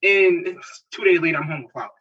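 A man from Newark, telling animated stories in slangy casual chat and laughing often. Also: on the high side, fast, slightly rough. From Newark, New Jersey. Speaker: podcast co-host. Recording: distant, dull lo-fi mic.

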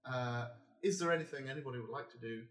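A man's voice: medium pitch, fast, a bit bright, echoey room. A man narrating a tabletop game as game master, laid-back and hesitant, laughing often.

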